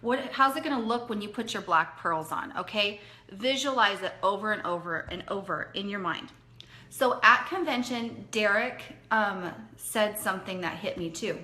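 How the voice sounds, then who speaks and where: A woman's voice: medium pitch, normal speed, pushed and bright. A woman leading a direct sales team, speaking earnestly and conversationally as she motivates them, repeating points for emphasis.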